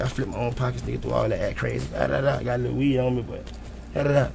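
Fast-talking man telling street stories. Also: mid-range voice, creaky, noisy background. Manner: animated street storytelling, heavy profanity. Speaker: podcast guest storyteller. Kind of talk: casual chat.

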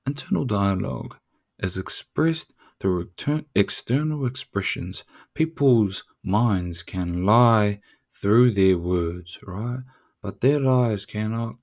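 A man's voice: on the low side, vocal fry, a little mellow. A man from New Zealand with a New Zealand accent, talking in a casual, profane, slangy monologue with frequent laughs.

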